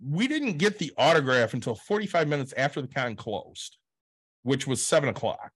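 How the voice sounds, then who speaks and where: A man's voice: mid-range voice, sing-song, moderate pace, fairly bright tone, husky. A man casually telling a long convention story as a podcast co-host, acting out quotes and swearing freely.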